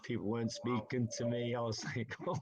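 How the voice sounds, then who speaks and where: Guesting on a casual podcast, a Northeast English ice hockey player spins chatty stories full of "aye" and "like." He speaks fairly quickly at a medium pitch, with a level, darkish tone.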